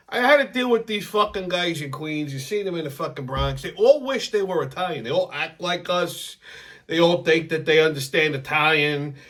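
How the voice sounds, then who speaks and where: A man's voice: fairly high pitch, sharp tone. A man, rambling profanely through a casual weekly vlog monologue with frequent restarts. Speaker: channel host.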